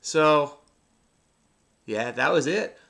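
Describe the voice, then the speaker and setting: A man's voice: on the high side, expressive, extremely slow, gravelly, fairly bright tone. A middle-aged man hosting a crossword video, thinking aloud as he solves and rambling in a frenetic, self-mocking way.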